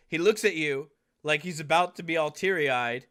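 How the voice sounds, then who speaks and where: A man's voice: on the high side, normal speed, sharp tone. A man narrating as game master in a casual, rambling way with many fillers.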